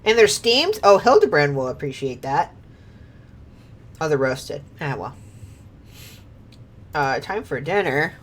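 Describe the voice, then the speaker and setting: A woman streamer talks over a game at an unhurried pace. Her pitch swings widely, and she laughs often and swears freely. She reads game lines aloud in between her own remarks. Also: sing-song, a little hiss or hum. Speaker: streamer playing a video game. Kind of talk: casual gameplay commentary.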